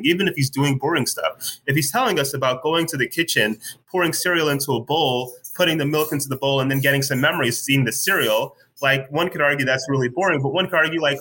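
A man talking in a relaxed interview, thoughtful and searching, with many fillers and restarts as he works through his ideas. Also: medium pitch, fast, hardly any pauses, husky, low-quality recording. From United States. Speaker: guest writer. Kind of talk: casual conversational interview.

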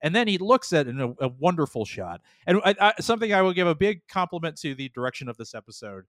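A man's voice: a little high, very animated, quick pace, a bit bright, no echo, clean studio sound. Rambling, profane podcast co-host man. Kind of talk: casual chat.

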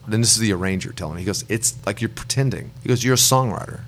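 A man's voice: on the low side, fast talker, few pauses, slight background noise. A middle-aged man, a songwriter guest, telling long rambling anecdotes and acting out the people he quotes. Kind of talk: relaxed storytelling in an interview.

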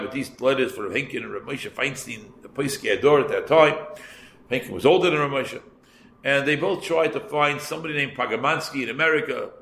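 A rabbi teaching a class, telling a story in an unhurried way, repeating phrases and adding asides for his listeners. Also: mid-range voice, creaky, fairly bright tone. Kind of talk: storytelling Torah lesson. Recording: echoey room, faint background noise.

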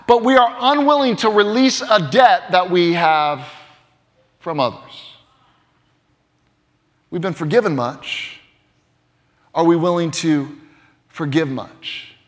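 High-voiced pastor preaching in a hall. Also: male voice, takes it slowly, long pauses. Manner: earnest, emphatic, swings between loud and hushed. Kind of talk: sermon.

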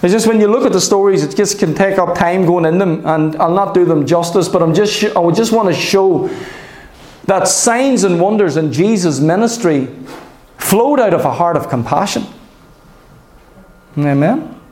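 A high-pitched male preacher delivers an animated sermon, often pausing to ask his listeners "Amen?". His voice rings out in a roomy, echoing hall.

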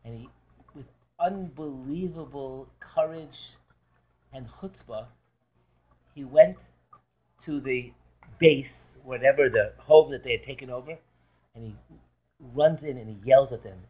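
A man's voice: mid-range voice, a little slow, pauses often. A man, a rabbi, giving a Torah class, telling a story animatedly and often restarting phrases as he goes. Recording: lo-fi recording.

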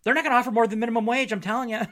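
A man's voice: extremely high pitch, steady tone, racing, fairly bright tone. A man hosting a casual solo sports podcast, talking in a wry, joking way and laughing often. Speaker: podcast host.

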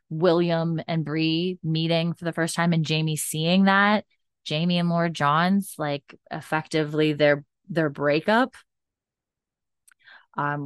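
Woman podcast host, low and smooth, effusive casual recap style. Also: no echo, studio quality. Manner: gushing, chatty, full of fillers.

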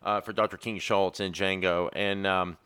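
Brief: blunt male podcast debater, bright forceful tone, emphatic delivery. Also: low-pitched, level tone, normal speed, clear, resonant tone. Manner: emphatic, blunt, swears when pressed. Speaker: podcast co-host arguing casting picks. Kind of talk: casual debate chat.

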